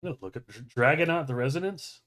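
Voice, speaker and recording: A man's voice: medium pitch, expressive, quick pace, a bit bright. A man, a guest on a casual chat show, who reacts with disbelief and laughs easily.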